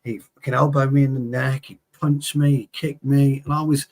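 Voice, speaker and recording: A man in his forties talks football in a heated, swearing, animated way. His voice is husky and a little breathy. He drifts into stories from his playing days. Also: mid-range voice, normal speed. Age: 40s. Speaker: co-host, former player. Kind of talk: heated casual football chat.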